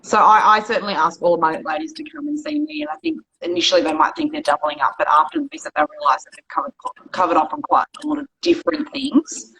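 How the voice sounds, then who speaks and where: A woman's voice: a little high, sing-song, quick pace, hardly any pauses, pushed and bright, rough recording. A woman doctor, chatting casually on a podcast and explaining things with plenty of fillers. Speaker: GP guest.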